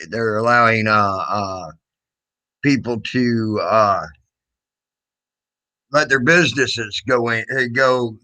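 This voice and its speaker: A man's voice: mid-range voice, bright, forceful tone, low-quality recording. A man hosting a casual livestream, greeting viewers by name and rambling with many fillers and restarts. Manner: mocking singsong when teasing. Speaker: livestream host.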